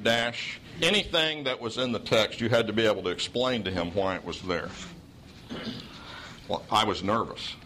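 A man's voice: medium pitch, bright, forceful tone, slight background noise, poor audio. A man from Oklahoma with a Southern accent, preaching a sermon in a folksy storytelling way with dry humor.

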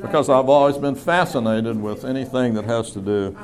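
A man's voice: medium pitch, normal speed, a little mellow. A middle-aged man teaching a Bible class in a classroom, talking conversationally with fillers and restarts.

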